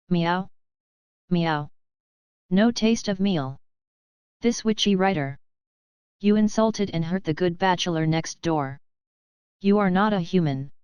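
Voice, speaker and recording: A woman reading a scripted story, voicing the dialogue of pet characters in a stilted, even way. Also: on the low side, smooth, no echo, dull audio.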